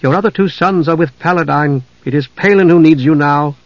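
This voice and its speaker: A man's voice: fairly high pitch, a little fast, no echo, lo-fi sound, voice pushed up, lightly acted. A man reading an audiobook, voicing a weary, worried leader who urges and mutters. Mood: urging. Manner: urging, muttering.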